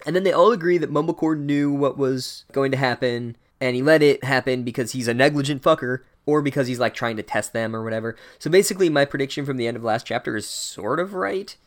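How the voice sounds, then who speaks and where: A man's voice: medium pitch, fast, few pauses. A man giving an irreverent, sarcastic comedic recap of a book, casual and full of asides.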